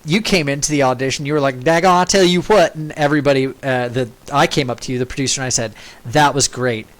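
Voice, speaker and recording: A man's voice: medium pitch, fairly even intonation, quick pace. A man hosting a live tabletop game stream as game master, upbeat and teasing.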